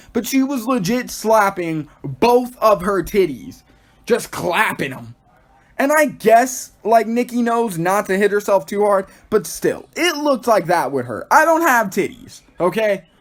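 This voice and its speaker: A young man from Texas hosting a solo podcast review, excitable and rambling, peppering his talk with "like.". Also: high voice, a little slow. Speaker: podcast host.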